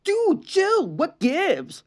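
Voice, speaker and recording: A laid-back teenage rocker girl in a fan story, put on by a reader. She talks casually in a very high, squeaky voice with a wide, lively pitch. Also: very slow, exaggerated voice.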